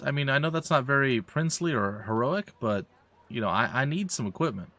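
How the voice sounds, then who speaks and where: A man's voice: mid-range voice, animated, brisk, bright, forceful tone. Joking man narrating a game. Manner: joking, self-mocking asides. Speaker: let's play host. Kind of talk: let's play commentary, reading game text aloud.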